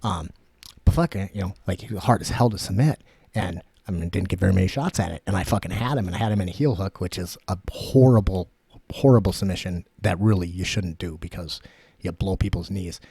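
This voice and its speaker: A man's voice: low voice, fairly quick, creaky, mellow, husky, no echo. A man co-hosting a podcast in a studio, telling a long rambling story with heavy swearing and lots of fillers. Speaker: podcast co-host. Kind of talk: casual chat.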